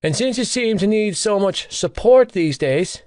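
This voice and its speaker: A man's voice: sits high, expressive, measured pace, a little mellow, no room sound, studio quality, voice pushed up. A man voicing a teasing, dramatic teenage schoolboy best friend in an audiobook. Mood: cocky. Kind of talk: audiobook character voice.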